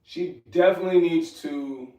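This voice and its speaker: A man's voice: fairly high pitch, moderate pace, mellow, roomy sound, recorded from a distance. A middle-aged man hosting a casual livestream, rambling and streetwise as he talks to his chat. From New York. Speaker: livestream host.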